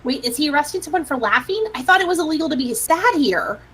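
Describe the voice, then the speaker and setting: A woman playing in a tabletop game, chatty and excitable and quick to laugh. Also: high voice, a little hiss or hum. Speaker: player. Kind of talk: casual tabletop play.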